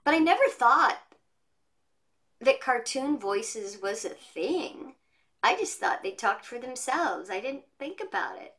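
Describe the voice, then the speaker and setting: A woman voice actress chatting as an interview guest from her home studio, telling stories in a lively way. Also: fairly high pitch, measured pace. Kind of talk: casual interview chat.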